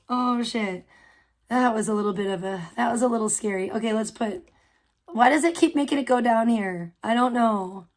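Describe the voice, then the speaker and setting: A woman from Chicago with a Chicago accent softened by years on the West Coast, streaming live in a casual, rambling chat and often breaking off mid-sentence. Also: a little high, normal speed, a little hiss or hum. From Chicago, USA. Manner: reacts aloud to small mishaps. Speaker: livestreamer.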